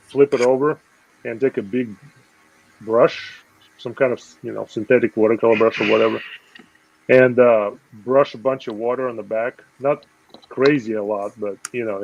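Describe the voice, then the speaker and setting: A man on a video call, calmly explaining an art technique step by step with lots of fillers. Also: mid-range voice, vocal fry, dull audio, slight background noise. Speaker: guest artist.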